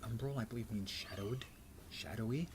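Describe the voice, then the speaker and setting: Playful low-voiced man streaming a game. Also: normal speed, noisy background. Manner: playful, rambling, mutters and half-whispers asides. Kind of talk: casual gameplay commentary.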